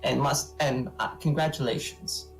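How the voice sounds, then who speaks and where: A man's voice: mid-range voice, steady tone, moderate pace, creaky, distant mic, soft background music, lightly acted, poor audio. A man playing an aloof noble bard. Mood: reserved.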